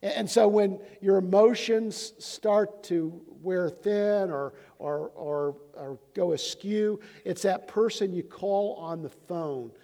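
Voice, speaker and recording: High-voiced pastor in a reverberant hall. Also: male voice, slow, few pauses, warm tone. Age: 50s. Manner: conversational, stumbling restarts and repeated words. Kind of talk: sermon.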